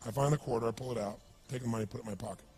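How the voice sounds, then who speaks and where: Husky energetic motivational speaker man. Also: medium pitch, rapid-fire. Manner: energetic, storytelling, asks the crowd questions. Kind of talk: motivational seminar talk.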